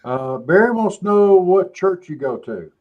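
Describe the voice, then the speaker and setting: A man's voice: sits high, sing-song, normal speed, lo-fi sound. A man hosting a studio talk show, joking with guests and reading out audience questions. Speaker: host. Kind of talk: casual talk show banter.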